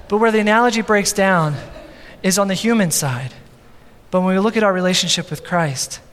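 A man in his thirties preaching a sermon as pastor, animated, with many repeats and asides. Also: high voice, brisk. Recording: long hall reverb.

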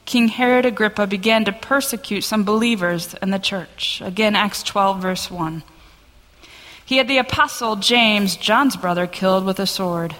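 A woman pastor giving a sermon and reading scripture aloud in an earnest, steady voice, in a church sanctuary. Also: fairly high pitch. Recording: long church reverb.

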